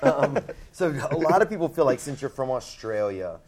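A man's voice: medium pitch, sing-song, normal speed, darkish tone. A man with a Southern American accent hosting a casual comedic interview, asking goofy, playful questions and laughing often. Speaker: comedian host.

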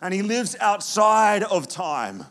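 A man preaching a sermon, with animated storytelling and frequent restarts. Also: high-pitched, slow pace. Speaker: pastor.

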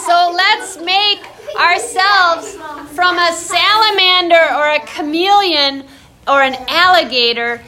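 Very high, bright-voiced kids' yoga teacher. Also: female voice, takes it slowly. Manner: playful, encouraging, sing-song. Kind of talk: leading a live kids' yoga class. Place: indoor yoga class.

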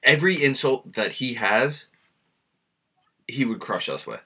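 A man with a very bright, husky voice chatting as a podcast co-host. His pitch swings widely as he reacts with animated exclamations. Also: a little slow. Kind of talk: casual chat.

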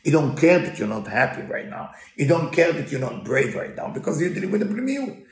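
A man's voice: a little high, big pitch swings, brisk. A man giving a storytelling Torah lesson in broken English, mixing in Hebrew quotes. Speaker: Torah teacher. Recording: roomy echo.

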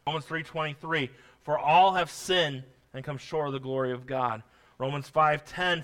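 A man's voice: on the high side, pushed and bright. A man preaching a sermon, quoting scripture and pressing his points with rising emphasis, with a folksy, self-deprecating aside. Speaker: pastor.

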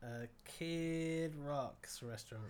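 A man's voice: fairly high pitch, slow pace, a little mellow, clear, resonant tone. A man co-hosting a music podcast, dry and sarcastic as he reads out news items. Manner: dry, sarcastic, laughs a lot. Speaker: podcast co-host. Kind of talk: casual chat.

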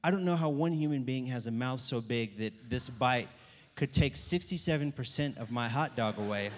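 A young man telling funny stories to a live audience in a church setting, animated and self-mocking as he acts out what people said. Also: mid-range voice, moderate pace. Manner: animated, self-mocking storyteller acting out quotes. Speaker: church speaker. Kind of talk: storytelling talk to a live audience. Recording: long hall reverb.

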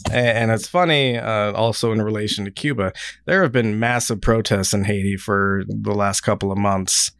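A man with a low, smooth, resonant voice, recorded dry and close. He hosts a podcast in loose, casual chat, rambling and dropping swear words as he goes. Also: normal speed, fairly bright tone, no echo. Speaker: podcast host.

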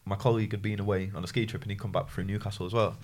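A man's voice: lowish voice, rapid-fire. Young man, casual storyteller, acts out the people he quotes. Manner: animated anecdotes, acts out quoted voices.

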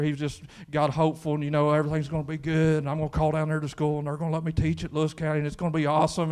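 High-voiced Kentucky pastor preaching. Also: male voice, darkish tone, clean tone. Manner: conversational, building to fervent emphasis. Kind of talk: sermon. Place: church.

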